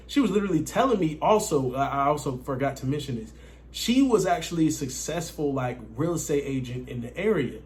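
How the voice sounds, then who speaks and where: A man's voice: fairly high pitch, lively intonation, brisk, darkish tone. A man telling a casual, profane story to his viewers, often addressing them as guys. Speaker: dating coach vlogger.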